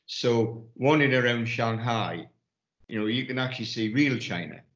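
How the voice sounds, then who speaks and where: With a medium-pitched, slightly bright voice at normal speed, a Geordie man from Newcastle, England shares rambling anecdotes with many restarts. He's an investment firm partner on a casual panel, recorded in an echoey room with dull audio.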